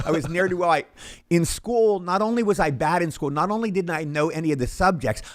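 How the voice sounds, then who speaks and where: Fast-talking man in his sixties. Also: fairly high pitch. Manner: rapid, rattling delivery with acted-out quotes. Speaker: interview guest, actor. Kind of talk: anecdotal storytelling.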